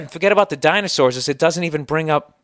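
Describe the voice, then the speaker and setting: American podcast guy ranting, sarcastic and swearing a lot, voice on the higher side. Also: fast talker, a bit bright, no room sound, studio quality. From United States. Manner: sarcastic, profane, exasperated ranting. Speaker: podcast host. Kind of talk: comedic podcast rant.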